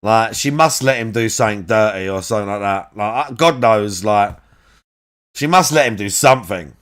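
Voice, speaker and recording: A man's voice: fairly low pitch, expressive, moderate pace, fairly bright tone, clear, resonant tone. A man mocking a clip in a reaction commentary, sarcastic, swearing and laughing often.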